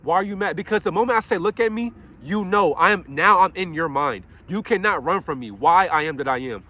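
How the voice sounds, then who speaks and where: A man's voice: sits high, lively intonation, fairly quick, pushed and bright. A young man, an after-school counselor, delivering an impassioned monologue, preaching and swearing, asking himself questions and answering them. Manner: swears while venting.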